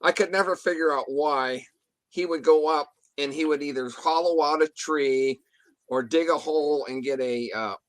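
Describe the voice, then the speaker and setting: A man's voice: fairly high pitch, moderate pace, no echo. A man telling a story in a casual interview, rambling with restarts and mild swearing, acting out what others said. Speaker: guest telling an encounter story.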